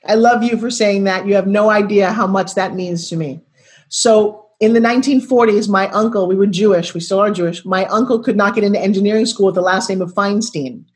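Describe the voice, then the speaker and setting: A woman in her sixties, a guest on a video call interview, telling her story in an expressive, dramatic way. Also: mid-range voice, a little fast.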